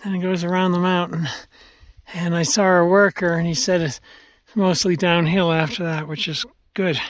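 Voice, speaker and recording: A man's voice: high-pitched, little pitch movement. A man out of breath on a steep mountain trail, talking in short, panting bursts. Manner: panting, halting speech.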